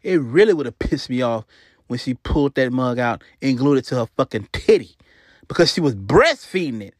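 A man's voice: medium pitch, a little fast, no echo, clean studio sound. A man hosting a show, ranting in a casual comic way, swearing a lot and repeating himself. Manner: profane, animated, repeats himself. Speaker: podcast host.

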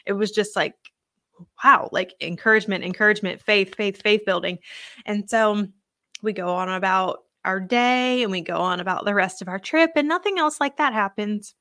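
A woman's voice: medium pitch, moderate pace, sharp tone, dry recording, clean studio sound. A young adult woman hosting a podcast alone, telling a personal faith testimony in an earnest, conversational way with lots of fillers. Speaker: podcast host.

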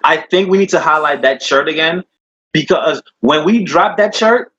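A man's voice: a little high, moderate pace, a bit bright, breathy edge. A man co-hosting a casual podcast, laid-back and teasing, with slangy talk. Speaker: podcast co-host. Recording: dull lo-fi with faint noise.

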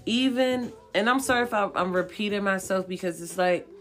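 A woman's voice: medium pitch, brisk, fairly bright tone, faint music behind. A woman reading tarot cards for viewers in a casual way. She is blunt, profane and encouraging, and she repeats her points for emphasis. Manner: coaxing and encouraging. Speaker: tarot card reader.

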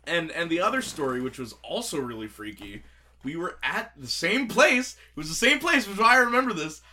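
A man, telling stories in a casual chat, animated and laughing as he acts out quotes. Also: a little high, fairly quick, background noise.

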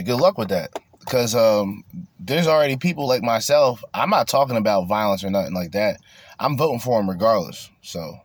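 A man hosting a casual podcast, ranting bluntly and crudely with lots of swearing. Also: mid-range voice. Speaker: podcast host.

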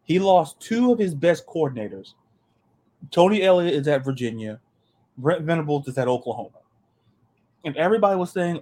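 A man hosting a sports podcast, talking in an animated, joking way and often repeating his words. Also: on the high side, brisk, pauses often. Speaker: podcast host. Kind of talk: casual sports chat.

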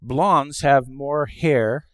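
A middle-aged male pastor delivering a conversational sermon, telling stories and acting out quoted lines, moving between hushed asides and loud exclamations. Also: medium pitch, drawn-out words, no echo, studio quality. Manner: conversational storytelling with acted-out quotes.

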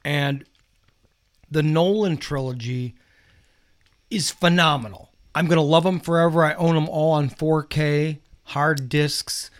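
Man, fairly high voice, casual film talk, emphatic, leads the chat. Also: fairly even intonation. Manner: leads the talk, emphatic, quick to give opinions.

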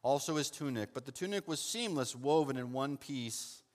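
Male pastor preaching, loud then hushed, lots of hall echo. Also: mid-range voice, animated, moderate pace. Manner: dramatic preaching that swings from loud and fervent to hushed and soft; addresses listeners as "saint". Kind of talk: sermon with Bible reading. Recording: long hall reverb.

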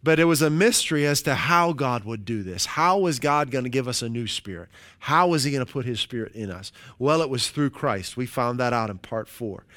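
A man preaching a sermon as pastor, leading his congregation through slow, emphatic call-and-response lines. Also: medium pitch, animated, fairly bright tone.

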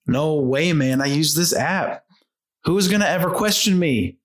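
A man's voice: on the high side, lively intonation, measured pace. An actor playing a cocky, laid-back male coworker with a Nepalese accent at a sketch table read. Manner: cocky, easygoing, ends lines with man. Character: laid-back male coworker, boastful, says man constantly.

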